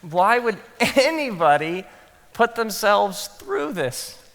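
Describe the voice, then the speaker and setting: A man speaking to a room of pastors, telling funny stories from his own work and acting out his inner thoughts in a hushed voice. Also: high-pitched, slow, a little hiss or hum. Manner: animated storytelling, acts out quoted inner thoughts in hushed tones. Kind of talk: conference talk with humorous stories. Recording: long hall reverb.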